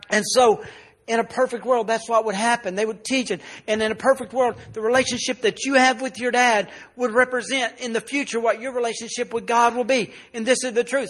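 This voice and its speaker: A male pastor preaching a sermon, telling a personal story and dropping soft and low in the emotional parts.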